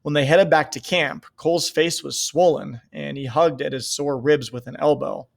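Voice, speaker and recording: Man, reading a novel aloud, steady, measured, gravelly, fairly high. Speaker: reader.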